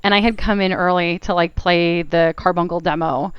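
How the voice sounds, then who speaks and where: A woman with a low, smooth voice chats casually as a podcast guest. She tells her stories in an animated way with frequent laughs. The sound is dry and a bit dull, like a lo-fi recording. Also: moderate pace, dry recording. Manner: animated storytelling, laughs often. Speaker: interview guest. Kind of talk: casual chat.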